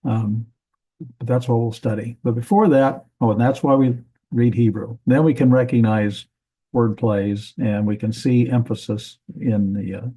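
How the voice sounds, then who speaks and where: A man teaching a Bible language class in a relaxed, halting way, with many fillers and restarts. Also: mid-range voice, husky, rough recording. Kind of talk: classroom lecture.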